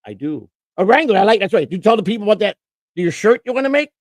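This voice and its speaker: A man's voice: sits high, very animated, fast, dry recording. A man co-hosting a casual livestream chat, rambling and boastful, repeating his words as he goes. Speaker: co-host.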